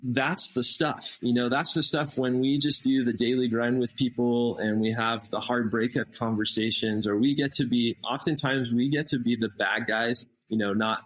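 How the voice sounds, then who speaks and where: Animated man telling a story. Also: mid-range voice, moderate pace, hardly any pauses, rough recording. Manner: animated, acts out quoted dialogue. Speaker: missionary guest. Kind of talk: casual storytelling.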